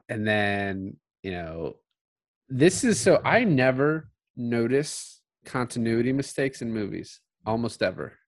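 A man co-hosting a casual podcast, relaxed and given to laughing as he talks about a film. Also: lowish voice, no echo. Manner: relaxed, laughs often, quotes film lines in passing. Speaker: podcast co-host.

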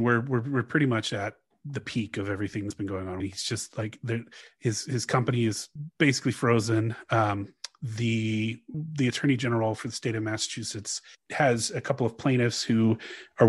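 A man's voice: mid-range voice, no echo, clean studio sound. A man hosting a podcast, telling a story in casual chat and reading old quotes aloud with frequent laughs. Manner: reads archival quotes aloud, laughs often. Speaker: podcast host.

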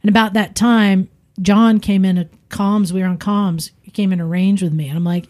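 A woman telling a story on a podcast in a casual, animated way, often acting out the people she quotes. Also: mid-range voice, moderate pace. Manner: animated, acts out quoted voices. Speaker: podcast guest.

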